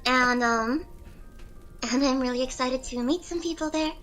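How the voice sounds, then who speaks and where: A woman's voice: high-pitched, normal speed, a bit bright, faint music behind, low-quality recording. A bubbly, giggly woman chatting as a guest on a voice call, with her morning voice. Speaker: VTuber idol singer, guest. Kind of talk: casual chat.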